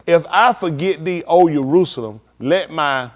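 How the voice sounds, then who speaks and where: A man preaching a live-streamed sermon in loose, slangy street talk, animated and emphatic. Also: fairly high pitch, unhurried.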